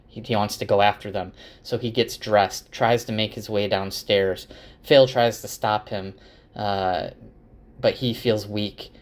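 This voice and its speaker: Man casually recapping a fantasy novel. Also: on the low side. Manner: rambling with fillers and self-corrections. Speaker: book summarizer. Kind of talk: casual spoken book recap.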